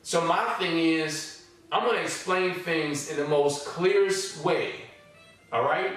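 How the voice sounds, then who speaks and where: A man's voice: a little high, unhurried, fairly bright tone, soft background music. Casual, distant man with echo. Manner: casual, repetitive, stops often to say "all right?" and "okay?". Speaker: forex trading course instructor. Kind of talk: reading and commenting on student testimonials.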